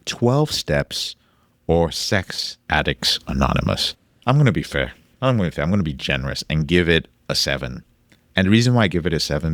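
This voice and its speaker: A man's voice: a bass voice, dry recording. A man hosting a podcast alone and coaching listeners in recovery, talking emphatically, repeating key phrases and swearing casually. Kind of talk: solo podcast monologue.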